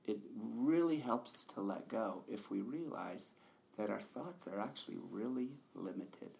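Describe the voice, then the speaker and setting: Gravelly-voiced male meditation teacher. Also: fairly low pitch, a little slow. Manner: relaxed, laughing, conversational. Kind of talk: dharma talk.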